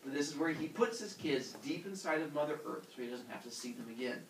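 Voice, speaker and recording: A man teaching a class, retelling a myth in a jokey, animated way and acting out the characters. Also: on the high side, fast talker, gravelly, noisy background. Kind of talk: classroom storytelling. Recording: echoey classroom from far off.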